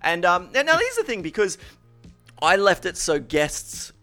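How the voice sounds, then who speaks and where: A man tells a story in casual chat, swearing freely and acting out angry rants. His voice sits fairly high, very bright, and swoops widely in pitch. Faint music plays behind him. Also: unhurried. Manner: profane, animated, mock-ranting when quoting himself.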